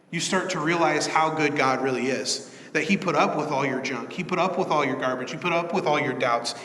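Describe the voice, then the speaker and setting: A man's voice: fairly high pitch, fairly bright tone. A man preaching a sermon as pastor, in an earnest, conversational style that builds in emphasis. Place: church sanctuary. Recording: echoey church hall.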